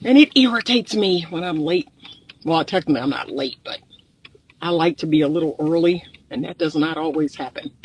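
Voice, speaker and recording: A therapist who focuses on relationships talks fairly quickly in a slightly high, groggy morning voice, giving casual vlog commentary outside in the sun. Using a phone held or propped nearby, he addresses viewers emphatically and repeats points; the recording is low quality with slight background noise.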